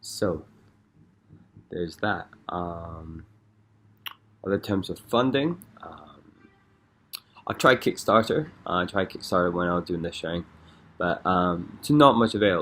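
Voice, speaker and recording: Young male vlogger from Scotland, very low pitch, hesitant and rambling delivery. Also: a bit bright, a little hiss or hum. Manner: rambling, hesitant, many fillers. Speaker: dance artist vlogger. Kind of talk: casual vlog. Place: London.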